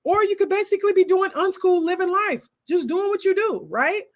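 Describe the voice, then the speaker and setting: A woman's voice: very high voice, a little fast. A woman, hosting a casual homeschooling chat and talking straight to her viewers with lots of asides. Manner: animated, talks straight to viewers with many asides. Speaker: homeschooling host answering viewer comments.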